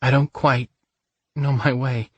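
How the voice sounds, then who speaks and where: A man's voice: medium pitch, fairly even intonation, slow pace, husky, dry recording, dull audio, pitched above the performer's own voice. A man voicing a frightened, bitter young woman in a romance audiobook, speaking with pleading emotion. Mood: soft, tender. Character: young woman, frightened then tender lover.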